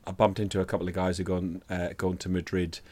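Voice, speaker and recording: A man's voice: deep voice, little pitch movement, quick pace, darkish tone. A man hosting a casual football chat, rambling and jokey, with plenty of swearing. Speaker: podcast host.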